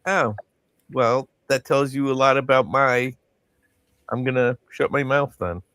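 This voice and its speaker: A man's voice: mid-range voice, unhurried, a bit bright, smooth, dry recording. A man literary agent in a live video Q&A, joking and self-deprecating. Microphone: video call.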